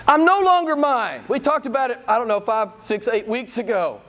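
A man's voice: very high-pitched, animated, normal speed, a bit bright. A man preaching a sermon in a church, impassioned and emphatic, repeating his phrases. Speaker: pastor.

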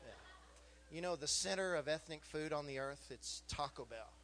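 A man in his fifties preaching a sermon to a congregation, animated and joking, asking the room questions. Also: a little high, normal speed. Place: church hall with a congregation.

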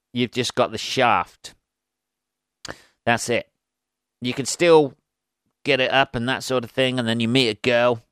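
A man hosting a comedy podcast, rambling through crude tangents. He talks with a smooth, clear tone at a middling pitch. The sound is dry and close to the mic. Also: a bit bright, no echo. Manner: crude, rambling, laughs at his own jokes. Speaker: podcast host. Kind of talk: solo comedy podcast monologue.

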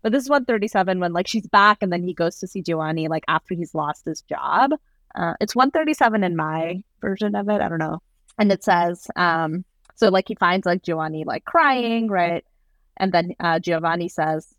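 Low-voiced woman discussing a novel. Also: moderate pace, fairly bright tone, dry recording. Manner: reads passages aloud, many fillers like "right?". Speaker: podcast co-host. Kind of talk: casual book discussion.

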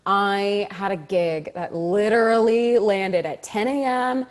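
A woman actor telling a story as an interview guest, animated and quick to laugh, acting out the lines she quotes. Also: mid-range voice.

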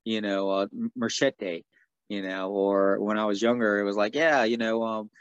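A man from the United States speaks as an interview guest, his voice low and unhurried. He tells stories in an easygoing way full of fillers. The audio is dull and lo-fi, with a dry, close sound. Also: steady tone, smooth, no room sound. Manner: easygoing, filler-heavy storyteller. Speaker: guest, martial artist and stuntman. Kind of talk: casual interview chat.

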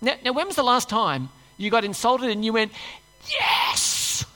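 A woman's voice: fairly high pitch, expressive, a little fast, fairly bright tone. A woman preacher giving a sermon in a church. She reads scripture and talks to the congregation in a conversational way, asking them rhetorical questions. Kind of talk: sermon with Bible reading. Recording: long church-hall reverb.

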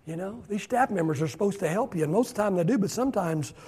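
A middle-aged man preaching a sermon as pastor, swinging between loud shouted emphasis and soft hushed asides, and drawing out key phrases slowly. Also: high-pitched, expressive, slightly rough. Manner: drawn-out, slowed phrases for emphasis.

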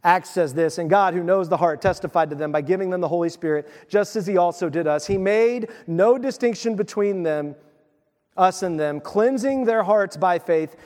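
A male pastor preaching a sermon in an animated way, acting out the voices of biblical figures as he reads. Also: high voice, normal speed, big-room sound.

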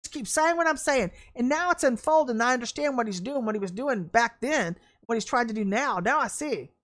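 A woman with a high voice preaching an online sermon. She speaks fervently and bluntly, with a folksy, emphatic delivery and bursts of excitement. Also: a little fast. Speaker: ministry leader and preacher.

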